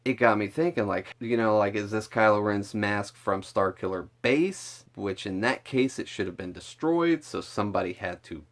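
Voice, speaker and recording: A man with a fairly low voice talks straight to camera in a loose, chatty vlog. He rambles excitedly, swears freely and scatters filler words through his sentences. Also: normal speed, few pauses. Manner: excitable, rambling and profane, with lots of "like". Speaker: vlogger reviewing a film trailer. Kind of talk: casual chat to camera.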